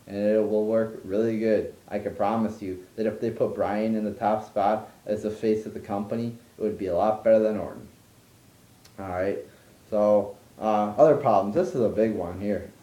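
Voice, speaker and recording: A man's voice: fairly low pitch, warm tone, reverberant, poor audio. A man delivering an exasperated, profane, rambling rant as a wrestling commentary vlogger, stumbling over restarts. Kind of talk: ranting monologue.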